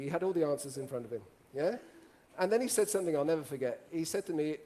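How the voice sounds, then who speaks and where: A middle-aged man from Italy, telling jokey stories to a live audience in an animated way and asking the audience questions. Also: a little high, fast. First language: Italian. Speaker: speaker. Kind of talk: storytelling talk to a live audience.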